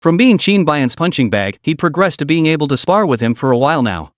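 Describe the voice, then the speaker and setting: A man narrating a story recap, his fairly high voice rising and falling in lively swings as the tale moves on. The recording is close and completely dry, with no room sound at all. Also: brisk, dry recording.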